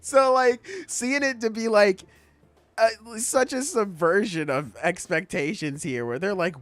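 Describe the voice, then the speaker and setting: A man hosting a podcast, chatting casually about anime in an animated, profane way and laughing often. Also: high voice, a little slow, no echo. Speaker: podcast host.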